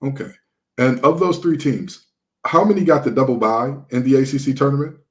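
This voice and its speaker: Sarcastic animated man hosting sports talk. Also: mid-range voice, a little fast. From Detroit. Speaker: sports podcast host.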